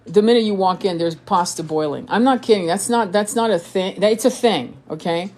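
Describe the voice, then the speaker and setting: A woman's voice: mid-range voice, fairly quick, darkish tone. A woman born in France, a tarot reader and spiritual coach, chatting casually on a live stream, rambling with frequent swearing, restarts and laughter. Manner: rambling, profane, laughs often, many restarts. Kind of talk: casual live-stream chat reading comments.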